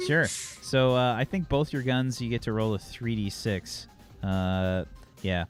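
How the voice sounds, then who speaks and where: A man running a tabletop game as game master, relaxed and laughing often, explaining rules with plenty of fillers. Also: medium pitch, a little slow, soft background music.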